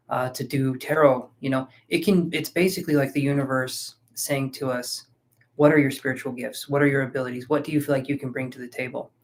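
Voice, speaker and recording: A man giving a live-streamed tarot reading, chatting casually and thinking aloud with fillers, sleepy and yawning. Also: mid-range voice. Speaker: tarot reader.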